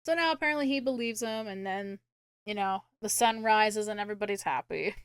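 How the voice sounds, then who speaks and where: Animated young woman recapping a movie. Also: medium pitch, a little fast, clean tone, no room sound, clean studio sound. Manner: animated, swearing, acting out characters' lines. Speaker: podcast co-host. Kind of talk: casual movie recap chat.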